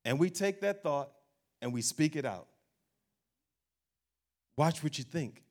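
A man preaches with lively energy, and his voice sits a little higher than most men's. He acts out the worried voices of doubters and laughs now and then. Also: slow. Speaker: pastor. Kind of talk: sermon.

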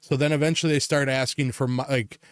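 A man's voice: mid-range voice, steady tone, quick pace, smooth, dry recording. Young man, podcast co-host, casual chat, swears a lot, laughs often, dry close sound.

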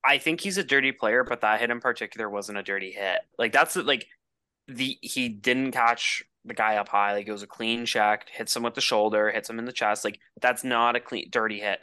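A man's voice: mid-range voice, a little fast, bright, forceful tone, smooth, no room sound. A man co-hosting a hockey podcast in casual chat, emphatic and full of "like" and "dude". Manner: emphatic, filler-heavy, says "dude" and "like". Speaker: podcast co-host.

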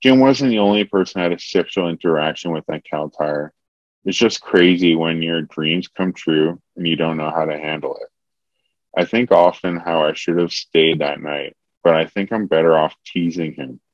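Deep-voiced man reading comic erotica. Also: normal speed, no room sound, highs cut off. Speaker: comedian reading his own erotica. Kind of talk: comedic reading of a written story.

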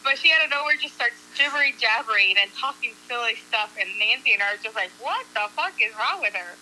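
Bright animated woman telling a story. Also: a little high, fast, slight background noise, low-quality recording. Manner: animated, acts out quotes, swears casually. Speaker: coworker and friend telling a proposal story. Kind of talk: casual storytelling to a group.

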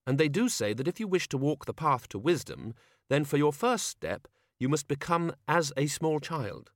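A man's voice: a little high, animated, moderate pace, dry recording, voice pushed up. Susan, a man voicing a dry-witted young governess. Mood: wry. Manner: dry, wry.

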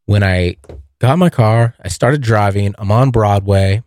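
A man's voice: on the low side, a little slow, darkish tone, no echo. A young man hosting his own podcast, telling a long story in a rambling, casual way, swearing often and calling listeners dude. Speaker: podcast host.

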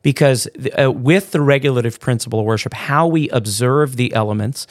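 A man who is a pastor, co-hosting a church podcast in relaxed, joking chat with many fillers and restarts. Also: mid-range voice, a little fast, dry recording, clean studio sound. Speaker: pastor, co-host.

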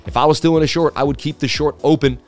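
A man's voice: on the high side, fairly even intonation, quick pace, a little mellow, faint music behind. A man hosting a crypto market livestream, chatting casually and reading viewer comments aloud.

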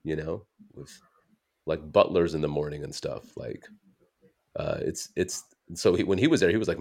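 A man's voice: extremely low pitch, moderate pace, a little mellow. A man from the United States, a comedian guest telling stories in casual interview chat, rambling and correcting himself as he goes. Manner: rambling, self-correcting storyteller.

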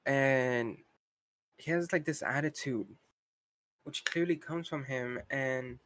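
A man's voice: medium pitch, slow, fairly bright tone, no room sound. A young man co-hosting a podcast, talking in a casual, frustrated rant full of "like" and asides. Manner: frustrated ranting, heavy use of "like". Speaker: podcast co-host. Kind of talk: casual chat.

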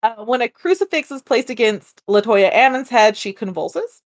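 A woman's voice: on the high side, lively intonation, moderate pace. Chatty woman telling a spooky case. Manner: laughs often, loose and chatty. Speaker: podcast co-host telling a paranormal case. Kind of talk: casual storytelling chat.

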